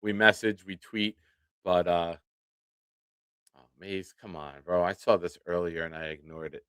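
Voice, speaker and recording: A man in his forties hosts a live fan show with a lowish voice, talking in a relaxed, self-deprecating way. He chats straight to viewers. The mic sounds close and dry. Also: measured pace, clean tone, dry recording. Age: 40s. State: nursing a swollen tooth. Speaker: podcast host. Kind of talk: casual live-stream chat.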